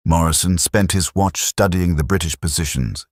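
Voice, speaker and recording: A man narrating a war story in a steady, measured, scripted style. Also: low voice, no echo, clean studio sound.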